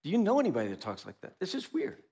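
Animated male preacher with lively pitch. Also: rapid-fire, husky. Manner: animated, rhetorical questions and mock dialogues. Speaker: pastor. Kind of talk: sermon.

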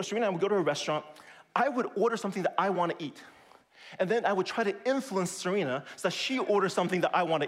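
A high-voiced middle-aged man delivers a sermon. He hammers his points by saying them again slowly, and he leaps up in pitch whenever he acts out what other people say. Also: a bit bright, a little hiss or hum. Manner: emphatic, repeats key points slowly; acts out quoted voices with big pitch jumps. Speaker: pastor.

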